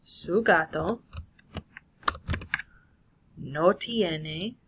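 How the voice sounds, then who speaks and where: Woman, casual Spanish teacher talking through a lesson on screen; slow, slightly low voice. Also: fairly bright tone, slight background noise. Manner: casual, talks through steps, self-correcting. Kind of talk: screen-recorded lesson walkthrough.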